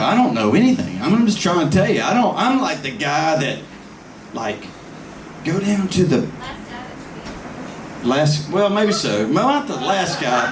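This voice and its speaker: A man giving a rambling, emotional birthday toast to a friend at a party, often laughing. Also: fairly high pitch. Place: party venue. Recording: echoey room mic from far off with noise.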